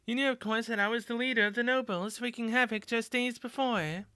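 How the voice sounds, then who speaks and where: A refined, melancholy former noble schoolgirl, voiced by a woman for a story game reading. She speaks formally and with polish, in a bright, smooth voice. The recording is close and dry. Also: a little high, brisk, no echo. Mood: earnest.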